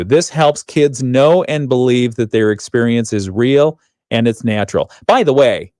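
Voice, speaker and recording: A man's voice: mid-range voice, a little slow, few pauses, a little mellow, dry recording. A man hosting a radio morning show, chatting and laughing often as he reads out headlines in a studio. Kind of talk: casual radio banter. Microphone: studio microphone.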